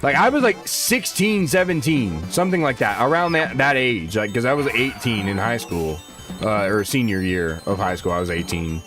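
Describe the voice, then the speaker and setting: A man's voice: mid-range voice, expressive, moderate pace. Rambling young man streaming a game. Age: 20s. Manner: rambling, slangy, talks to chat. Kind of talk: casual livestream chat. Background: game music.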